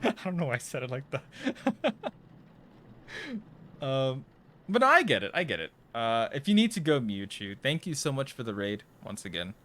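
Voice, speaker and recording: A man's voice: medium pitch, very animated, moderate pace, a bit bright. A young man casually chatting to viewers while playing a horror game live, jittery and nervous, often trailing off into mumbles. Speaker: livestreamer.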